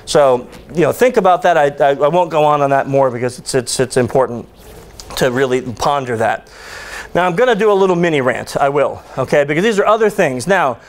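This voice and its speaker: A man speaking at a conference, telling stories with jokes and a ranting edge. His voice sits a little high for a man. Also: fairly quick. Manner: joking, ranting, animated storytelling. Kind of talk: conference talk. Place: conference hall.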